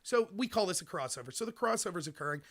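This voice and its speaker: A man's voice: high-pitched, quick pace. A man hosting a political talk show, giving an opinionated monologue and speaking straight to his listeners. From United States. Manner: animated, opinionated, addresses listeners directly. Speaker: host.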